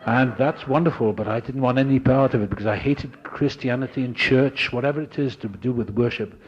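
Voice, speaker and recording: An older man telling a personal recovery story to an audience, animated and acting out the voices of people he met. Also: medium pitch, fairly quick, husky, dull audio. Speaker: speaker sharing his recovery story.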